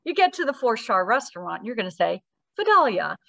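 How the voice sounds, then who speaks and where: A woman's voice: fairly high pitch, fairly quick, vocal fry, no echo. Chatty woman, dry close sound. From Georgia, USA. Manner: chatty, animated storyteller. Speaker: company CEO, guest. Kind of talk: conversational interview.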